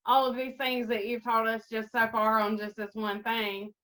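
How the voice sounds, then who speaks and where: A woman with a bright, fairly high voice co-hosts a relaxed podcast chat. She jokes with the guests and laughs easily. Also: low-quality recording. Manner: joking, quick to laugh. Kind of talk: casual chat.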